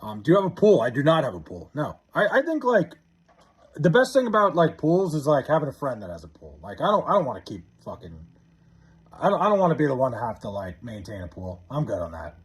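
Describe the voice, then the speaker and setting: Husky, animated young man streamer. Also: mid-range voice, brisk. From Long Island, New York. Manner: blunt and profane, half-laughing. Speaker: live streamer. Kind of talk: casual live stream chat, reading viewer comments aloud.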